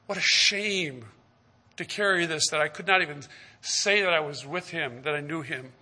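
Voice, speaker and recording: A man preaching a sermon in a very bright, slightly raised voice. He retells scripture stories, acting out their dialogue, and puts direct questions to his listeners. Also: a little high, a little fast.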